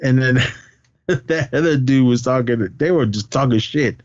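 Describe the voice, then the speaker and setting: A man's voice: medium pitch, a little slow, darkish tone, highs cut off. A man casually recapping a comedy film on a podcast, laughing often and acting out quoted lines. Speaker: podcast co-host. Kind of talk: casual movie recap chat.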